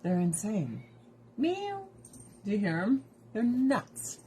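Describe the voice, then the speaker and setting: A woman's voice: medium pitch, sing-song, unhurried, dark tone, a little hiss or hum. A woman selling skincare products who chats casually while trying them on, rambling, laughing and swearing freely with strong opinions. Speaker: direct seller of skincare products.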